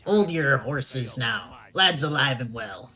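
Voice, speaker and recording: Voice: mid-range voice, lively intonation, slow pace, bright, forceful tone. A streamer doing a swaggering pirate captain. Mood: taunting. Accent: put-on pirate accent. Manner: growling old-timey pirate speech. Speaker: streamer reading game dialogue.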